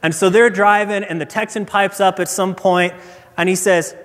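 High-voiced pastor in an echoey hall. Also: male voice, fairly even intonation, moderate pace. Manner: conversational storytelling. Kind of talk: sermon.

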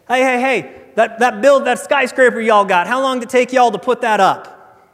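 A loud, bragging tourist with a bright, high-set drawl, as a preacher puts him on. He is a big man who boasts at every turn. The voice rings with the long reverb of a hall. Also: moderate pace. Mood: boastful.

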